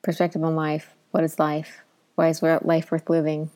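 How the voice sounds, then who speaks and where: A woman's voice: low voice, completely flat delivery, normal speed, darkish tone. A woman co-hosting a casual book podcast, talking enthusiastically with many fillers. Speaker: podcast co-host. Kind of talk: casual book review chat.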